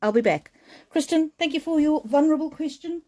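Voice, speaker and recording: A woman's voice: high-pitched, brisk, dark tone. A middle-aged woman giving a live-streamed oracle card reading in a tender, soothing and emotional manner.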